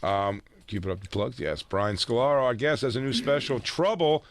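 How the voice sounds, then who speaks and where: A man's voice: mid-range voice, moderate pace. A man hosting a radio talk show, joking with guests and reading plugs. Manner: wisecracking, reads plugs. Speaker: radio host. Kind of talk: casual radio chat.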